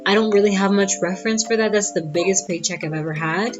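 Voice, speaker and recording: A woman telling a personal story in a casual, animated and sassy way. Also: mid-range voice, fast talker. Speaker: vlogger. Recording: dull lo-fi audio with guitar music.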